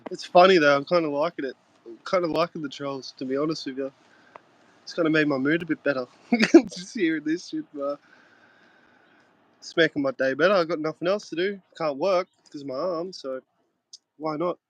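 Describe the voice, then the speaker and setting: A man's voice: on the high side, brisk, long pauses, dry recording, dull audio. A man in his thirties from Australia with an Australian accent, chatting brashly on a livestream with plenty of slang and swearing. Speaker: guest streamer. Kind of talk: casual livestream chat.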